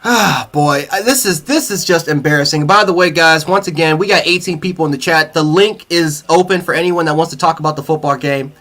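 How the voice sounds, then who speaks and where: A man hosts a sports livestream, furious after a loss and swearing through his rant. He stumbles over and repeats his words. His voice sits high with a bright, sharp edge. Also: a little fast, hardly any pauses. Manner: angry, profane, repeats himself. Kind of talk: heated fan reaction rant.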